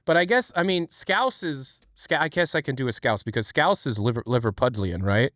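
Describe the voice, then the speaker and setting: A man's voice: medium pitch, animated, normal speed, a bit bright, dry recording, clean studio sound. A young man from Ohio, chatting on a livestream in a rambling, self-deprecating way. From Ohio, USA. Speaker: streamer. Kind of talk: casual livestream chat.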